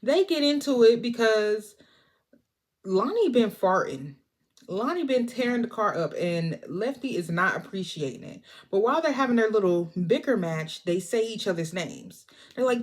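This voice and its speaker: A woman's voice: a little high, normal speed. Chatty woman recapping a movie. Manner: chatty and expressive, talking straight to viewers. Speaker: movie reviewer.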